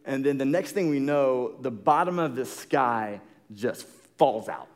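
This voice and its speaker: A young adult man preaching, telling a story in a casual, animated way with lots of fillers. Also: medium pitch, a little slow. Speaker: pastor. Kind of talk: sermon storytelling.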